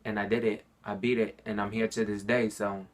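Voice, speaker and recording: Young man, flat earnest voice. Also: fairly low pitch, a little fast. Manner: earnest, heartfelt, repeats himself. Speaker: vlogger sharing his cancer story. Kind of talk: personal storytelling to camera. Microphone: phone camera.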